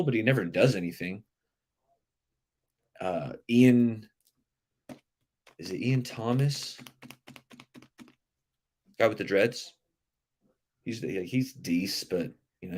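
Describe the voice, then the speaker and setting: A man hosting a live sports talk stream, chatting loosely and reacting to viewer comments. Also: mid-range voice. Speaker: livestream sports show host.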